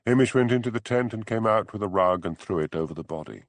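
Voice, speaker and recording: A man reading an audiobook narration in a measured, expressive storytelling manner. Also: lowish voice, no echo. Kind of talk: scripted narration.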